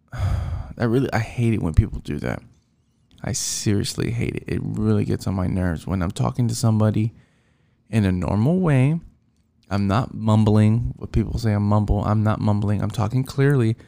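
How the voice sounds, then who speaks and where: A man's voice: on the low side, normal speed, dark tone. A man ranting casually about his coworkers, rambling and frustrated, with lots of fillers and restarts. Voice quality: gravelly. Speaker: driver venting about work.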